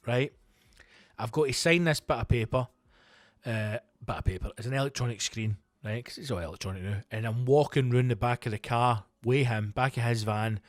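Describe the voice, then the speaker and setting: A man, a comedian hosting his own show, telling a story in a profane, animated, self-mocking way and acting out the quotes. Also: medium pitch, no room sound, clean studio sound. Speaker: comedian host. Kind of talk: comic storytelling monologue.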